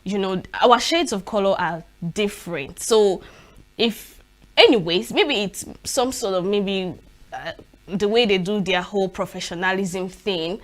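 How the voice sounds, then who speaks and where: Animated Nigerian woman presenting the news. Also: medium pitch, a little slow. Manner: animated and expressive, laughing often, frequent restarts. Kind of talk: live newspaper review commentary.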